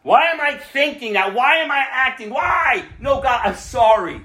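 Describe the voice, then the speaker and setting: A man preaching a sermon emphatically, with rhetorical questions and swings between loud and hushed. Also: very high voice, animated, normal speed, echoey room. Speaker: pastor.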